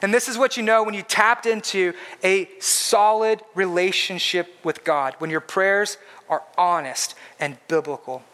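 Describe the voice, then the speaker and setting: A man's voice: sits high, unhurried, a bit bright. A man preaching a sermon in an earnest, emphatic way, repeating his points for stress. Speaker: pastor.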